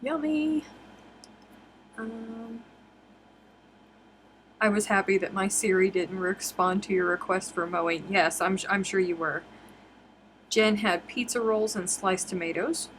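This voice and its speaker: A woman's voice: mid-range voice, a little slow, pauses often, a bit bright, a little hiss or hum. A woman hosting a casual crochet live stream from home, chatting and reading viewer comments aloud.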